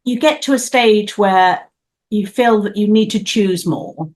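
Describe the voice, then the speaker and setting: A woman's voice: mid-range voice, measured pace, darkish tone. An older woman, a guest performer, gushing with effusive praise in a casual studio interview.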